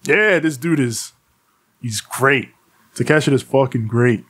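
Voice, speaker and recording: A man's voice: mid-range voice, measured pace, a bit bright, breathy edge. A man co-hosting a casual wrestling podcast, recapping a show and acting out the wrestlers' lines with frequent laughter. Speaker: podcast co-host.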